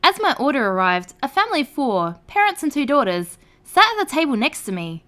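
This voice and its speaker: A woman narrating online stories aloud in a lively storytelling read. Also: sits high, fairly quick.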